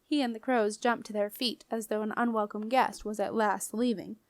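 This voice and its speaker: A woman reading a children's fantasy novel aloud as an audiobook narrator, in a clear, even storytelling manner. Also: medium pitch, moderate pace, dry recording. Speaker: audiobook reader.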